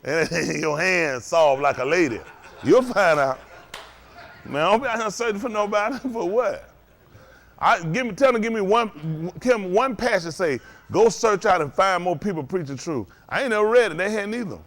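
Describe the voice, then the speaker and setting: Man preaching, high voice, casual sermon, frequent chuckles, calls for agreement. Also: normal speed, a bit bright. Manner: chuckling, asks the congregation "ain't that right?". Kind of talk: loose conversational sermon.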